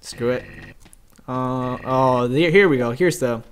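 A man giving chatty, excitable gameplay commentary, talking to his viewers. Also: mid-range voice, slow, slight background noise. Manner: excitable, chatty, yelps and laughs at the game; talks directly to viewers. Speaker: let's play gamer.

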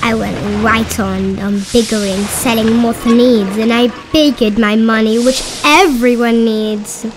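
A woman's voice: a little high, fairly even intonation, measured pace, few pauses, a little hiss or hum. A woman reading a children's rhyming book aloud with a rhythmic, sing-song delivery. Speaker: storybook reader.

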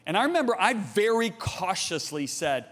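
A man in his sixties preaches with a high, ringing voice that carries long reverb through a big church auditorium. He tells his story to the crowd, calls out to them directly, and swings from loud appeals down to near-hushed passages. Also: sing-song, normal speed. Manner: calls out to the congregation. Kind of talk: sermon. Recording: long reverb of a large hall.

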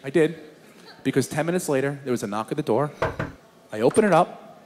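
A young adult man doing stand-up, telling his story in an animated, exasperated way. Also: a little high, brisk. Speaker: stand-up comedian. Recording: live comedy club with crowd and noise.

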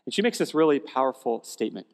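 A male pastor preaching a sermon in a conversational, animated storytelling way, often restarting phrases, in a church sanctuary. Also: medium pitch, fast talker. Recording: long church hall reverb.

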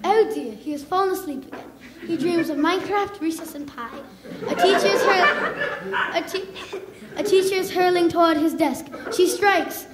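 Brief: boy doing a solemn British nature-show narrator, grave and measured, still high-voiced, roomy sound. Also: very noisy. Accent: British, put on. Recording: echoey club with loud crowd laughter.

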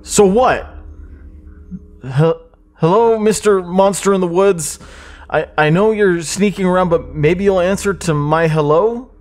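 A man's voice: on the high side, expressive, measured pace, darkish tone, voice pushed up. A man voicing Josh, a nervous young boy who jokes and mocks but stammers when he gets scared. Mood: mocking.

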